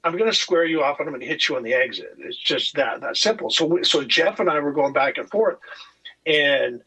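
Husky former racer telling war stories. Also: male voice, a little high, a little fast, low-quality recording. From California. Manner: animated, swears freely, acts out quotes. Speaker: guest, retired motocross racer. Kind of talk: casual podcast storytelling.

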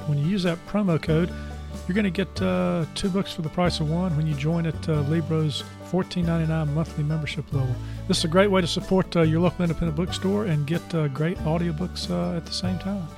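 A man's voice: fairly high pitch, steady tone, quick pace, gravelly. A male podcast host introducing the episode and reading announcements in a chatty way, with many "uh" fillers. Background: guitar music.

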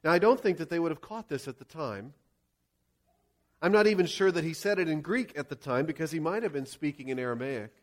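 A male pastor preaching a sermon, acting out scenes and shouting quoted lines. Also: on the high side, animated, fairly quick.

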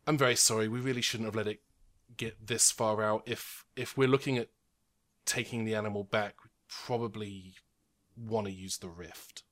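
A man doing a sorry, level-headed armed man in a tabletop game, his voice low in level and bright in tone. The words stay measured and quiet. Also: fairly even intonation, close to an everyday voice. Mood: apologetic. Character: apologetic armed man calmly reporting.

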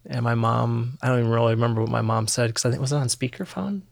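A man, a podcast guest, giving candid personal testimony in a halting, reflective way with many pauses and ums. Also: medium pitch, vocal fry, no room sound, clean studio sound.

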